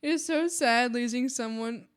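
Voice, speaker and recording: A woman's voice: a little high, moderate pace, clean tone. A woman streamer chatting casually with her viewers while she draws, giggling and playful, often rambling and restarting. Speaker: art streamer.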